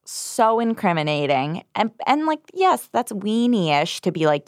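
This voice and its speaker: A woman co-hosting a podcast, chatting casually and mocking the news with sarcastic, animated asides. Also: mid-range voice, unhurried, hardly any pauses, no echo, studio quality. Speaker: podcast co-host. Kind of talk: casual comedic political chat.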